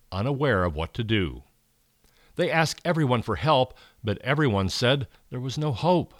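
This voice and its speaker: Lively man reading a storybook aloud. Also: fairly low pitch, dry recording, studio quality. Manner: expressive, rising and falling for excitement. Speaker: narrator reading a children's story.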